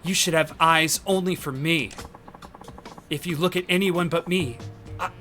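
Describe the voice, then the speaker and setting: A man's voice: fairly high pitch, unhurried, sharp tone, soft background music. A man voicing a young woman in a game who plays a scolding, haughty dominatrix. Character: young woman, timid girl turned bossy dominatrix. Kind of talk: reading game dialogue aloud on a stream.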